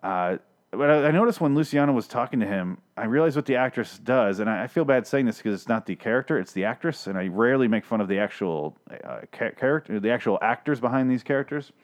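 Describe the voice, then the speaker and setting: A man ranting through a TV episode recap, sarcastic and exasperated. His speech is heavy with swearing and loose asides. His voice sits at an ordinary middle pitch. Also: animated, fast talker. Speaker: podcast host reviewing a TV episode.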